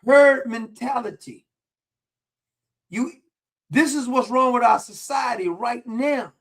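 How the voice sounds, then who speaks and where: A man's voice: very high voice, slow pace, fairly bright tone, slightly rough. A man delivering a heated commentary rant, combative and taunting, repeating his points and swearing freely. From New York, USA. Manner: combative, repetitive, taunting, profane. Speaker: online commentator.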